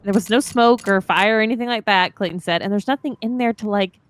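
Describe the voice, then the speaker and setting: A woman co-hosting a livestream, telling a story in a lively, swearing, laughing way. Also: medium pitch, quick pace, dry recording. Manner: animated, swears freely, laughs through the story. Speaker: livestream co-host. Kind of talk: casual storytelling chat.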